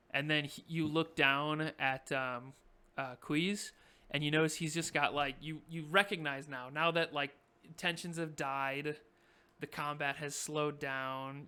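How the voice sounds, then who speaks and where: A man's voice: fairly high pitch, pushed and bright, smooth. A man narrating a tabletop game as game master, in a loose, filler-filled style.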